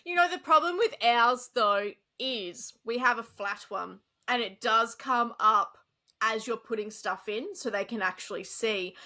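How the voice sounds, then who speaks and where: A woman's voice: fairly high pitch, pushed and bright. A woman co-hosting a podcast in casual chat, chatty and exasperated, laughing often as she tells work stories. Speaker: podcast co-host.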